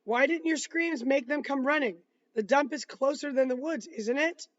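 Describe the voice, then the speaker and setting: A man reading a calm, probing lawyer. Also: extremely high pitch, dull audio, voice pushed up. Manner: measured, questioning. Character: calm, patient older male lawyer.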